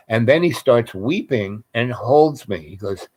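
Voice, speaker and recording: A man's voice: mid-range voice, lively intonation, measured pace, hardly any pauses, a little mellow. A man telling a long personal anecdote in a rambling, digressive way, often restarting his sentences and swearing casually. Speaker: guest telling a personal story.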